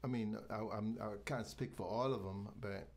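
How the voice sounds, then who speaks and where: A man from Nigeria chatting as a guest, with a somewhat low voice. His delivery is halting and full of restarts, and he slips into promoting events. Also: darkish tone, a little hiss or hum. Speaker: guest, venue owner. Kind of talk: casual interview chat.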